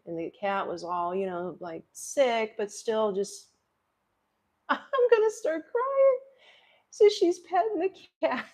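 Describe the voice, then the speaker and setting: A middle-aged woman chats casually with her live audience, telling a story in a loose, rambling way. She is openly emotional and speaks directly to the people watching. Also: on the low side. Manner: rambling, emotional, talks straight to viewers. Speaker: livestream host.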